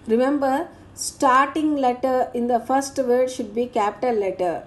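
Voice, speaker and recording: A woman, speaking as a teacher. She goes through grammar exercises in a slow, deliberate dictation, naming each answer and punctuation mark. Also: high-pitched, fairly even intonation.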